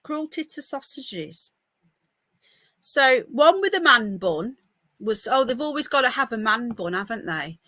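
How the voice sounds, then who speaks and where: A woman's voice: on the high side, big pitch swings, a little slow, pushed and bright, no echo. A woman hosting a live news podcast from home on a laptop mic, chatting in a rambling, easily distracted way. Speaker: podcast host reading news. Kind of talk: casual live news chat. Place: home by a window.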